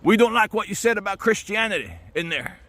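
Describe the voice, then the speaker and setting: A man doing a shrill, pushy small-town heckler. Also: lively intonation, brisk, a bit bright. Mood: hectoring.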